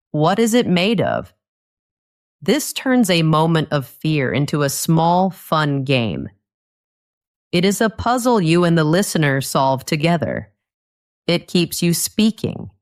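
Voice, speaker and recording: A woman giving a scripted English lesson in short, simple sentences, repeating key phrases as she teaches. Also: fairly low pitch.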